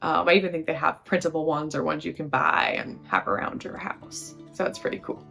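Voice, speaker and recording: A woman's voice: deep voice, animated, fairly quick, vocal fry, fairly bright tone. A woman hosting a relationship-advice video, explaining points conversationally to the camera and often asking rhetorical questions. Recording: faint guitar music behind.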